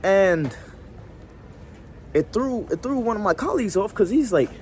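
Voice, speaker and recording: Lively rambling man outdoors. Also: high voice, unhurried, slight background noise. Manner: rambling, restarts often, slangy. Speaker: vlogger. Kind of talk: casual storytelling to camera.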